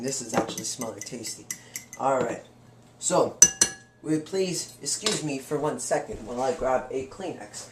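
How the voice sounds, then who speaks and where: A man's voice: mid-range voice, background noise. A young man clowning through a home cooking demonstration in a playful, boastful, chatty way, as if hosting a comic cooking show. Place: home kitchen. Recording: roomy kitchen with clattering dishes. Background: faint clatter of cutlery and pans.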